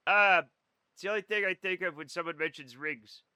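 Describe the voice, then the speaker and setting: A man's voice: a little high, expressive, fast, sharp tone, smooth, no echo. A young man streaming a game, chatting casually and sarcastically with his chat and swearing now and then. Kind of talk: casual chat reading live chat while gaming.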